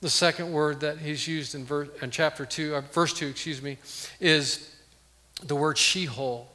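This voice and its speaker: A man preaches a sermon with a bright, fairly high voice that carries into a long reverb. He moves between earnest loud emphasis and soft, hushed lines. It sounds like a pastor speaking from the front of a church. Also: fairly even intonation, unhurried.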